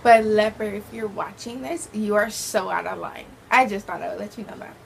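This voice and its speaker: A woman's voice: medium pitch, fairly even intonation, normal speed, creaky, noisy background. A teenage girl vlogger telling a dramatic storytime, acting out the quoted voices. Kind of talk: casual storytime vlog.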